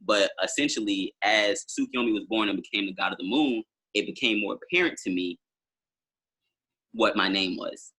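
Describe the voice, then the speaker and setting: A man's voice: lowish voice, moderate pace, sharp tone, slightly rough. A man talking as a musician guest on a podcast, telling long rambling stories full of fillers in casual conversation. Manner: rambling storytelling with many fillers.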